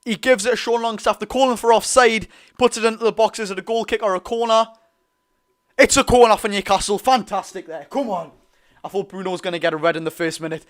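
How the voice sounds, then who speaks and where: A young man with a Geordie accent giving excitable, partisan live commentary on a football match for his viewers. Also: high voice, fast. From North East England. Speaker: football fan streamer.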